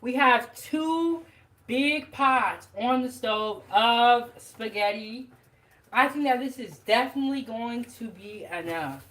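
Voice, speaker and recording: A woman's voice: a little high, expressive, takes it slowly, fairly bright tone, low-quality recording. A woman hosting her own cooking vlog, chatting casually to viewers while she cooks in her kitchen and laughing often. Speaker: home cook hosting a cooking channel. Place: home kitchen.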